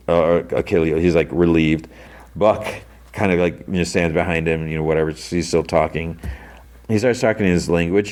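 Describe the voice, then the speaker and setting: A young man hosting a podcast, casually retelling TV scenes and slipping into quick character voices with lots of "he's like". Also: deep voice, darkish tone. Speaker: podcast host recapping a TV episode.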